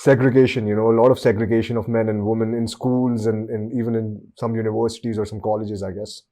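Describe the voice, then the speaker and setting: A man's voice: on the low side, flat delivery, fast, warm tone. A man from India with an Indian accent, hosting and chatting casually, agreeable with frequent asides. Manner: agreeable, frequent "you know". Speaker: podcast host. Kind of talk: casual interview chat.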